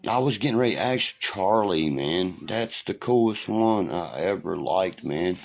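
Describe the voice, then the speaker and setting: Man, very deep, gravelly, profane rambling livestream storyteller. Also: animated, unhurried. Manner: profane, loud storytelling, reads and answers comments. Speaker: livestream host. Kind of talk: casual livestream chat, reminiscing. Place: home livestream.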